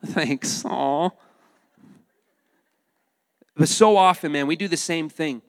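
Male pastor, high voice, lively sermon delivery, long hall reverb on a dry close mic. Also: fairly quick, clean tone. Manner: animated, acts out voices, addresses the congregation.

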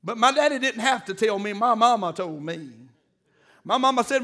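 High-voiced preaching man. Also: lively intonation, normal speed, bright, forceful tone. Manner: call-and-response preaching, rising to emphatic peaks. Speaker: pastor. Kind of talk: sermon.

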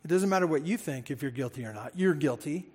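Male pastor, sermon delivery, emphatic and repetitive, somewhat high-pitched, reverberant church hall. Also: fast talker, husky. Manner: animated, emphatic preaching with repetitions and asides.

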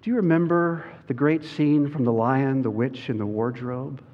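Man pastor, deliberate and earnest, talks to the kids, muffled hall recording. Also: mid-range voice. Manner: slow, earnest, addresses children directly. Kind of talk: sermon with storybook reading. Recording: dull sound in a large reverberant hall.

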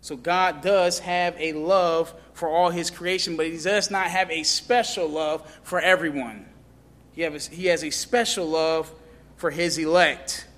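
A man with a high voice delivers a sermon at an unhurried pace. He climbs into loud, pleading questions and then drops low for emphasis. The sound carries a long reverb tail, as in a large hall. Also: fairly even intonation. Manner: impassioned preaching, rising to loud questions and dropping low. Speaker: pastor.

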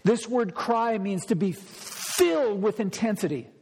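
A man's voice: high-pitched, animated, measured pace, darkish tone, a little hiss or hum. A man preaching an expository sermon as pastor, speaking emphatically and acting out pleading prayers. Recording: long hall reverb.

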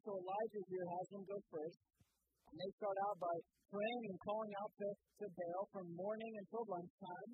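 A man preaching a sermon, reading scripture aloud and then explaining it in a relaxed, conversational way with fillers. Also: sits high, narrow, tinny audio, slight background noise. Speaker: pastor.

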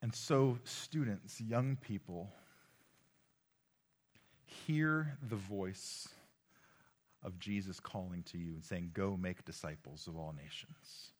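Guy preaching to students, lowish voice, gets loud then goes real quiet, stumbles and repeats words. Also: takes it slowly, pauses often. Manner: impassioned, rising and falling between loud exhortation and hushed tones; repeats words and restarts as he speaks. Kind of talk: sermon. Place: room with a live audience.

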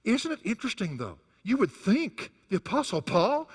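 A man's voice: high-pitched, wildly swooping pitch, moderate pace, slightly rough, long reverb tail. A male pastor preaching a sermon who swings his voice up and down hard for emphasis. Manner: rises and falls sharply for emphasis, chuckles between points.

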